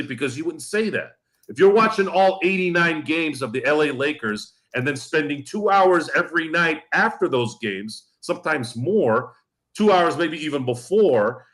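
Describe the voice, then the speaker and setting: A man's voice: a little high, pushed and bright. A man co-hosting a sports podcast, ranting bluntly and with profanity, repeating himself as he gets worked up. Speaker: podcast co-host. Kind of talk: heated casual podcast rant.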